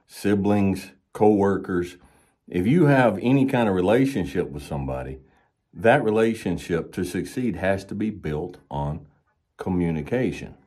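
A man with a fairly low, mellow voice talks about horses in a relaxed, folksy way. He tells his examples as little stories and slows down with long pauses to stress each point. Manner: folksy, storytelling with slow emphasized pauses. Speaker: horse trainer and instructor. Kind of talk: relaxed explanatory talk.

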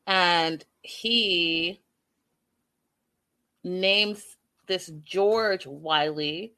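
A woman's voice: lowish voice, a bit bright. A woman chatting casually to her viewers as she recaps a show, often turning to them directly. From Canada.

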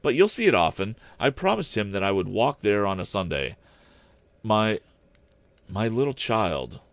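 A man's voice: fairly low pitch, big pitch swings, moderate pace, no room sound, pitched above the performer's own voice. A man voicing a heartbroken, kindly Victorian father in a storybook reading. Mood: grieving. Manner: warm, breaking with grief.

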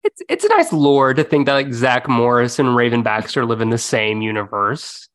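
A podcast co-host from the Southern United States, chatting eagerly in a casual interview with quick asides. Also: mid-range voice, big pitch swings.

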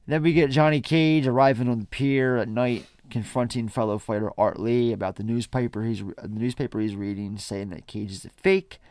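A man's voice: lowish voice, darkish tone, no room sound, studio quality. A man hosting a podcast, casually recapping a film from his notes with a wry, profane manner. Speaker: podcast host.

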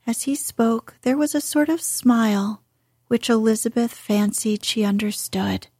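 A woman narrating a classic novel in a calm, even audiobook reading. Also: fairly high pitch, unhurried, slightly rough, dry recording, studio quality.

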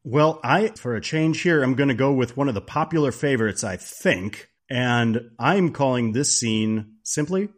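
A man's voice: mid-range voice, expressive, normal speed, few pauses. Enthusiastic man on a film podcast. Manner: enthusiastic, playful. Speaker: podcast co-host. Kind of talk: casual podcast film discussion.

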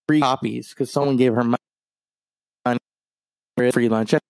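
A man's voice: mid-range voice, fairly even intonation, unhurried, vocal fry, darkish tone, no room sound. A man hosting a podcast, rambling casually through anecdotes in a loose storytelling way. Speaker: podcast host. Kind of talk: casual monologue.

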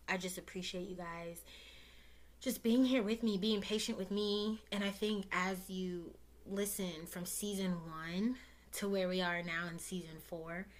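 A woman's voice: medium pitch, steady tone, a little slow. Young woman podcast host, casual and heartfelt, near tears, talks right to her listeners. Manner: emotional, close to tears, talks warmly and directly to listeners with many fillers.

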